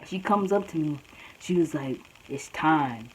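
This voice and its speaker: A young woman telling a storytime vlog in loose, slangy speech full of "bro." Her voice is low and husky. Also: moderate pace, mellow, poor audio. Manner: casual slangy storytelling, says "bro" a lot. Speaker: vlogger.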